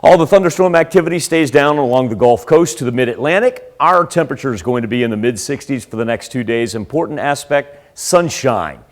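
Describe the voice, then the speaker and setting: A man's voice: mid-range voice, animated, brisk, few pauses. A man presenting the TV weather forecast in a chatty, emphatic way. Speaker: TV meteorologist.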